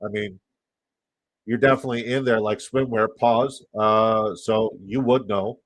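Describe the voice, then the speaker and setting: A Canadian man with a lowish voice chats loosely on a live stream, rambling and dropping casual profanity as he reads messages aloud. He sits close to his mic in a dead, dry room. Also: steady tone, measured pace, dry recording. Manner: rambling, profane, reacting to chat. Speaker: fantasy football streamer.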